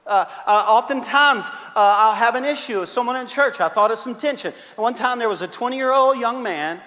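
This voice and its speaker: High-voiced preaching man in a church hall. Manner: animated storytelling with frequent uh fillers and repeats. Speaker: pastor. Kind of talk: sermon. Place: church sanctuary. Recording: long reverb of a large church hall.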